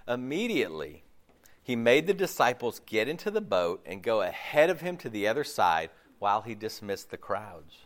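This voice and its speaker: A man preaching a casual, conversational sermon, laughing often and breaking off his own sentences. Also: mid-range voice. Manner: animated, laughs often, jumps into playful voices; loose, self-interrupting, many fillers.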